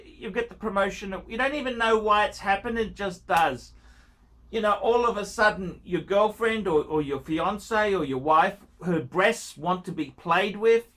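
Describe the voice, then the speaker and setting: A man's voice: high-pitched, fairly bright tone. A man giving watch-buying advice in a casual rant, pushy and pleading, repeating himself and throwing in crude jokes.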